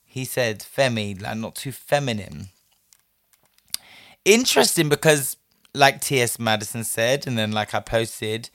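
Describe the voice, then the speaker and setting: A man's voice: medium pitch, fairly bright tone, no room sound, studio quality. A man giving chatty, sassy commentary on a listener's story, peppering his talk with "like" and frequent laughs. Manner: chatty and sassy, heavy use of "like", laughs often. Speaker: host answering a listener story. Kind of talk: casual commentary.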